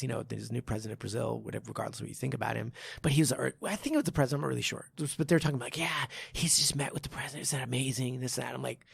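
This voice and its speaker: Gravelly-voiced man telling a story. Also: mid-range voice, dry recording. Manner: animated storytelling, swears, acts out quotes. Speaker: podcast host, martial arts instructor. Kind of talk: casual chat.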